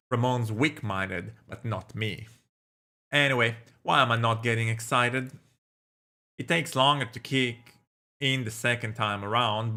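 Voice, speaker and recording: Playful, crude man reading a game aloud. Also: mid-range voice. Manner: playful, crude, animated asides. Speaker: gameplay streamer. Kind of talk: reading a visual novel aloud with commentary.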